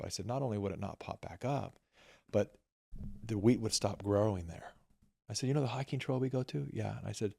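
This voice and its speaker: A middle-aged man, a filmmaker guest, telling animated family anecdotes and acting out the dialogue. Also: fairly low pitch, brisk, gravelly, husky. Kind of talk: storytelling in conversation.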